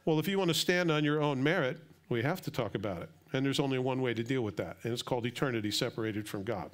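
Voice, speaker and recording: A middle-aged male pastor giving a sermon, swinging from quiet, intimate asides up to loud, excited emphasis. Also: medium pitch, quick pace.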